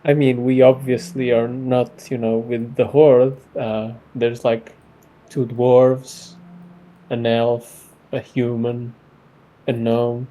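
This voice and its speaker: Mellow man chatting as a player. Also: medium pitch, level tone, takes it slowly, slight background noise. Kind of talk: casual chat.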